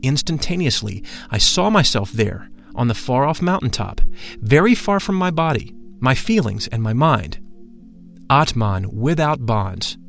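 A man reading a spiritual first-person memoir aloud in a measured, solemn manner. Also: mid-range voice, gravelly, a bit bright. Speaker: narrator.

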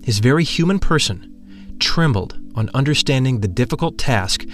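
A man reading an audiobook aloud in a solemn, measured way, stressing key words. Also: mid-range voice, animated, faint music behind. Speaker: audiobook narrator. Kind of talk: scripted audiobook narration.

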